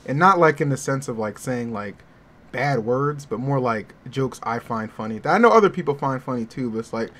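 A man's voice: medium pitch, expressive, a little fast, fairly bright tone. A man co-hosting a casual gaming podcast, talking defensively and insistently, punctuating his points with "okay". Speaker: podcast co-host, commentator. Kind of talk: casual chat.

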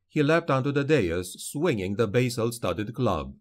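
A man narrating a fantasy audiobook in a dramatic, measured storytelling manner. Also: mid-range voice, sing-song.

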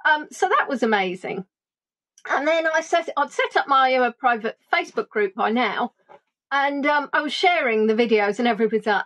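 A woman tour guide chatting through a playful, animated reminiscing monologue. She jumps between voices to act out what people said. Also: fairly high pitch, moderate pace, dull audio. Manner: animated, playful, acts out quotes in funny voices.

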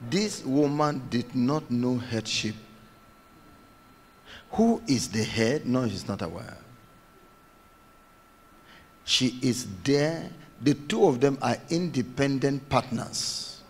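Slow-preaching man in a reverberant hall. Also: mid-range voice, animated, husky. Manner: emphatic preaching with repeated phrases and acted quotes. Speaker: pastor. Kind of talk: sermon.

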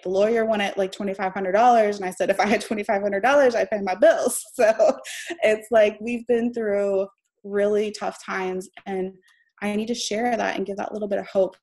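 A woman's voice: mid-range voice, a little mellow. Chatty, heartfelt young woman mentor. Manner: chatty and heartfelt, laughs between phrases. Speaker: mentor presenting on a live stream. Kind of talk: casual live-stream teaching.

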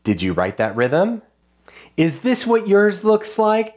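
A man's voice: mid-range voice, very animated, slow. A man teaching a children's music lesson, patiently chanting rhythm syllables and talking them through drawing rhythms.

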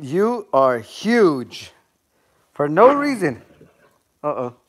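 Male live streamer on a phone, casual and chatty, unhurried delivery. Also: fairly high pitch, big pitch swings. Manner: chatty, laughing, calls out to dogs.

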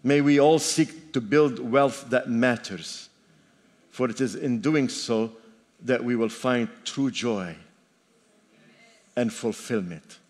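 A man's voice: medium pitch, slow. A man in his sixties, a pastor preaching a sermon in an emphatic, repetitive style with joking asides. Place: church sanctuary. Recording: long reverb of a church hall.

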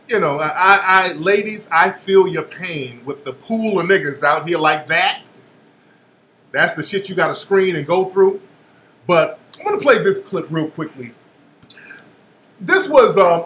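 A man's voice: high voice, fairly bright tone, echoey room, a little hiss or hum. A male radio host giving opinionated commentary, blunt and profane, repeating phrases for emphasis.

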